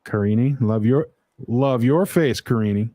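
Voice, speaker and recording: A man hosts a casual livestream chat through a video call mic, rambling with many "uh" fillers. His voice is mid-range and warm, his pace moderate, and the recording dry.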